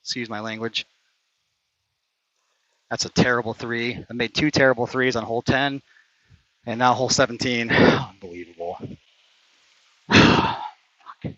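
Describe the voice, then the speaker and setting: A man talks his way through his own round on an outdoor course, calling each shot and getting openly frustrated when putts miss. His voice is bright and a little tense. The stream audio sounds dull and lo-fi. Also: mid-range voice, flat delivery, moderate pace, long pauses, dry recording. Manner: competitive, frustrated, swearing after bad shots. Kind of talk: casual play-by-play while playing. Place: outdoor mini golf course.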